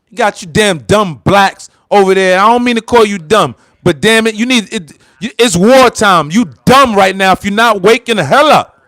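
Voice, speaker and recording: A man's voice: high voice, animated, normal speed, a bit bright, dry recording. An American man hosting a heated political commentary livestream, fired up and repeating himself as he talks straight to viewers. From United States. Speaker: livestream host.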